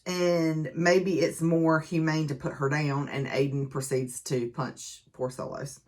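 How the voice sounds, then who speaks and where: A woman's voice: low voice, fairly even intonation, normal speed, few pauses. A woman giving a casual book review and recap, talking in a chatty, conversational way with plenty of fillers.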